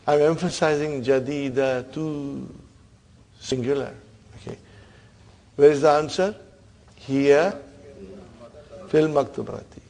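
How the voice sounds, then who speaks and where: A man's voice: fairly high pitch, gravelly, warm tone. A man teaching an Arabic grammar class, quizzing his students and checking in with a "huh?" between points. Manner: questioning students, frequent "huh?" and laughs.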